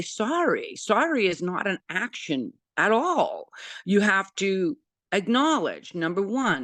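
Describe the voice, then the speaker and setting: A woman's voice: low voice, dry recording. A woman in her sixties from San Francisco giving a rambling, earnest personal testimony in a group sharing circle, with many fillers and restarts. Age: 60s.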